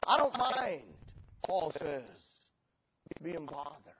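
A high-voiced middle-aged preacher tells a story from the pulpit, swinging between deadpan sarcasm and loud, heartfelt peaks. The recording is dull and lo-fi, with steady noise underneath. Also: male voice, unhurried, long pauses. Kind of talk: storytelling sermon.

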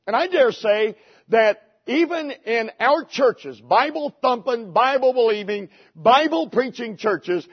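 A man preaching a sermon in a conversational way, asking his listeners rhetorical questions. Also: high voice. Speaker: pastor. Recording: dull lo-fi sermon recording.

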